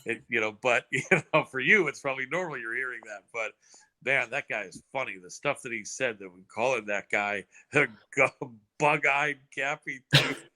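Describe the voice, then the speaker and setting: An American man hosting a casual podcast chat, chatty and quick to laugh. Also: medium pitch. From United States. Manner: chatty, laughs often, excitable. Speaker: host.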